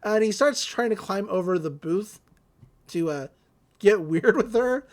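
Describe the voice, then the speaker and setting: On a podcast, a woman co-host casually recaps a cartoon episode, rambling and acting out the characters with fillers and laughs. Her mid-range voice is animated but unhurried.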